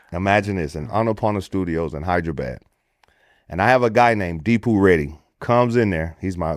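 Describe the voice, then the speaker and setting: A man's voice: lowish voice, dry recording, clean studio sound. A middle-aged American man in a casual podcast chat, telling stories with put-on voices and plenty of swearing. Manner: animated storyteller, puts on voices for quotes, swears freely. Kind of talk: casual storytelling.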